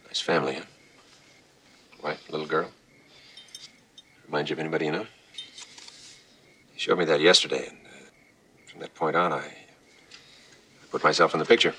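An actor playing a remorseful man who speaks in a low, heavy, subdued way about his regret. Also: bright, forceful tone, slight background noise, full character voice. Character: guilt-ridden man confiding his regret.

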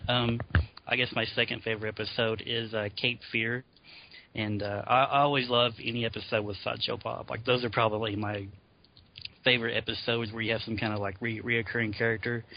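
A man co-hosts a podcast in a medium-pitched, level voice, speaking fairly quickly over dull lo-fi audio. He chats casually, laughing often as he retells favorite scenes.

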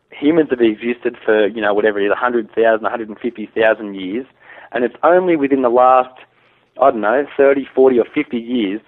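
A man's voice: mid-range voice, no echo. A man, a hunter guest talking casually and opinionatedly, with many restarts. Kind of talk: casual conversation. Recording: tinny phone line.

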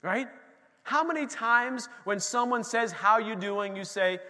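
A man delivers an emphatic sermon in a church, his voice high and bright. He repeats phrases for emphasis and drives the energy upward. A long reverb from the sanctuary trails every line. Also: expressive, moderate pace. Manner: emphatic preaching, repeating phrases with rising intensity. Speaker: pastor.

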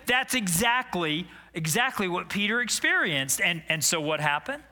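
A man preaching an animated, dramatic sermon as pastor. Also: high-pitched, normal speed.

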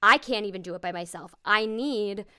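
A woman in her forties, a voiceover actor, giving emphatic and animated advice in a casual interview. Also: mid-range voice, normal speed, smooth.

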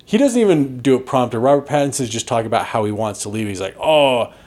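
A man co-hosting a podcast, chatting casually about movies in a rambling way, with lots of restarts. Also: quick pace. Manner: rambling, restarts often, animated pitch swings. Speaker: podcast co-host reviewing movies. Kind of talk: casual chat.

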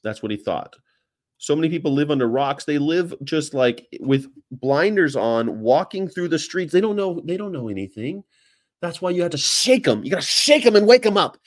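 In a slightly high voice with big swings in pitch, a Charlotte, North Carolina vegan activist talks casually at a moderate pace. His animated chat is laced with profanity and comic impressions, and the sound is clean studio quality without echo.

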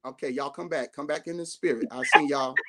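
A man preaching a sermon as bishop, swinging from loud rising shouts down to hushed slow phrases, with a Southern Black way of speaking. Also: a little high, crowd noise. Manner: call-and-response preaching, rising to shouts then dropping to hushed tones.

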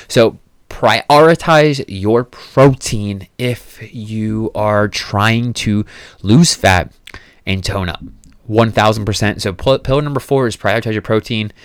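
A man's voice: lowish voice, no echo, studio quality. Casual, profane man hosting a podcast. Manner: casual, profane, self-coaching. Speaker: podcast host. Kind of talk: casual solo podcast advice.

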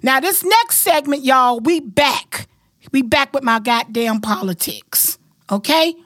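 A woman's voice: high voice, animated, slow pace, a bit bright, no echo, studio quality. A woman hosting a casual podcast, talking bluntly, profanely and emphatically. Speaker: podcast host.

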